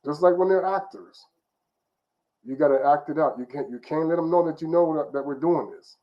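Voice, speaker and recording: A man's voice: fairly high pitch, brisk, lo-fi sound. A man giving an informal religious teaching in an emphatic, repetitive, conversational way. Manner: emphatic, repetitive, conversational, often restarts phrases. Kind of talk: informal preaching monologue.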